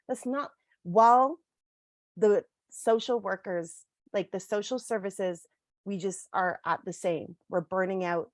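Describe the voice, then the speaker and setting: A woman's voice: medium pitch, unhurried, no echo. Angry Canadian woman frontline worker. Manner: angry, blunt, lots of "like" and "you know". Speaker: frontline social services worker. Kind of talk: impassioned townhall speech.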